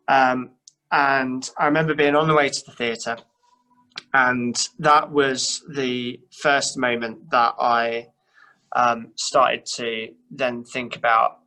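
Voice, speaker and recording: There's vocal fry in this young English church youth worker's medium-pitched, sharp voice, and the recording is rough. His talk is easygoing chat that mocks himself gently, with plenty of fillers and do-overs.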